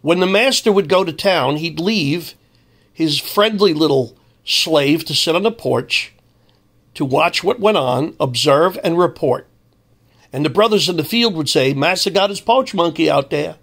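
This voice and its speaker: A man's voice: on the high side, animated, unhurried, a bit bright. An older man delivering an angry, emphatic monologue as a commentator. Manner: emphatic, heated ranting.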